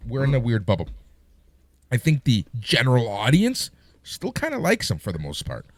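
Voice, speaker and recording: A man's voice: mid-range voice, huge pitch swings, normal speed, no echo. A man co-hosting a wrestling podcast in casual chat, joking and moving the show along.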